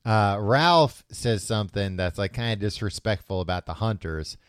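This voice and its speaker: A podcast host with a low, smooth, somewhat bright voice recaps a book's plot at normal speed in casual chat. He rambles with lots of fillers and restarts, acting out the characters' lines. The recording is dry, with clean studio sound.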